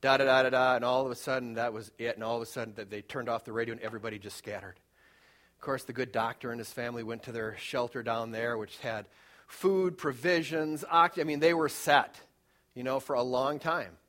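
A male pastor preaching a sermon in a conversational, emphatic way, moving between loud urging and hushed storytelling. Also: medium pitch, steady tone, fairly quick.

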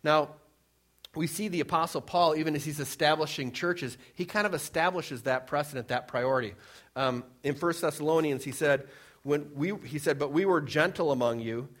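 A male pastor preaching a sermon, reading scripture and explaining it, swinging between emphatic rises and soft, low drops. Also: moderate pace.

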